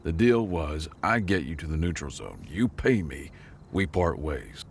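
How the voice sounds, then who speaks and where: A man's voice: a bass voice, sing-song, measured pace, gravelly, slight background noise, exaggerated voice. A man voicing an exasperated, wiry alien smuggler boss in a sci-fi story.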